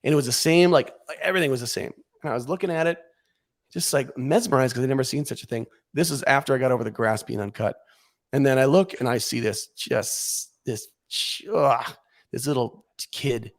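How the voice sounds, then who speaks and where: A man as a podcast guest, telling a comic story in a casual, animated way, acting out what he and others said. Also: mid-range voice, fairly quick.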